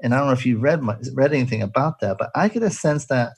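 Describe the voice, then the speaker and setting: A man's voice: medium pitch, animated, fast, slightly rough, no echo. A man hosting a casual radio talk show, chatty and jokey, rambling with restarts.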